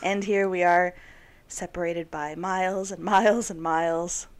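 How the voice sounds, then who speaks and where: A woman co-hosting a podcast in casual chat from home, teasing and quick with frequent laughs. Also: on the low side, steady tone, clean tone. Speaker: podcast co-host. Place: at home in a snowy area.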